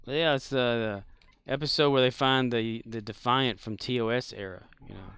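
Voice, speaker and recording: A man's voice: medium pitch, fairly even intonation, normal speed, gravelly, few pauses, fairly bright tone, clear, resonant tone. A man streaming a space game, chatting casually in a rambling, joking way full of fillers. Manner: rambling, jokey, filler-heavy. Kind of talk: casual gameplay commentary.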